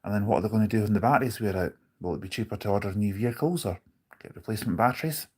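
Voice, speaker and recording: A man's voice: fairly low pitch, racing, a little mellow, slightly rough. A man live streaming from on board a bus, chatting casually, rambling with his opinions and reading out viewer comments.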